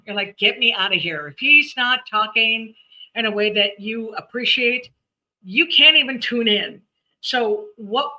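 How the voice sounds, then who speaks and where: A woman hosting a live stream, giving numerology readings in a chatty, animated way and laughing often. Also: fairly high pitch. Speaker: numerologist host.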